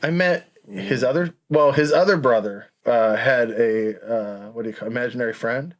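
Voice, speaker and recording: A man's voice: medium pitch, moderate pace. A man co-hosting a podcast, telling rambling stories in casual chat and chuckling mid-sentence. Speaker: podcast co-host.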